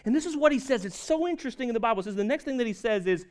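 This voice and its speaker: A man preaching a sermon as pastor, animated, rattling off scripture references with emphatic stresses. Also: extremely high pitch, rapid-fire, few pauses.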